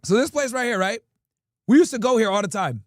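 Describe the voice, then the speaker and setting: A man in his thirties from Connecticut, telling crude stories to his livestream chat in a lively, laughing way. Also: high-pitched, brisk, no room sound, studio quality. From Connecticut, USA. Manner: animated, crude, laughing storyteller. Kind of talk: casual storytelling to chat.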